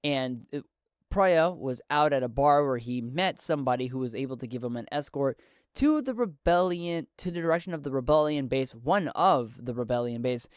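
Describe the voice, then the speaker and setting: A man's voice: mid-range voice, animated, normal speed, clear, resonant tone, dry recording, studio quality. A man narrating and running a solo tabletop game in a casual, rambling way, often restarting his sentences.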